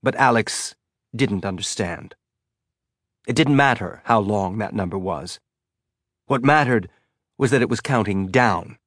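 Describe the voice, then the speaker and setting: A man reading a novel aloud in measured, tense scripted narration. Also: lowish voice, a bit bright, dry recording, clean studio sound. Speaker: audiobook narrator.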